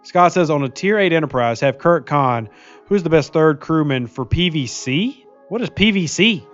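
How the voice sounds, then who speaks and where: A man's voice: a little high, lively intonation, moderate pace, fairly bright tone, lo-fi sound, soft background music. A man streaming a mobile game, chatting casually and jokingly while reading viewer comments aloud. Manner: chatty, jokey, laughs often, reads viewer comments aloud. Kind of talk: casual live-stream chat while playing.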